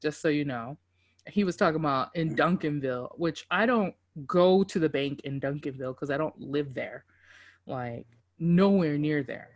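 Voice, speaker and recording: A woman co-hosting a podcast, casual and loud, swearing freely and laughing through animated stories. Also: sits low, normal speed, muffled recording. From Dallas–Fort Worth area, Texas. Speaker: podcast co-host. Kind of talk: casual chat.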